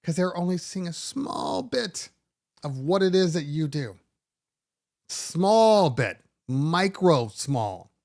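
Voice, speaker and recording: A middle-aged man hosting a DJ podcast, talking casually in an animated, sarcastic way with many restarts. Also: a little high. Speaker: DJ podcast host. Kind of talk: casual monologue.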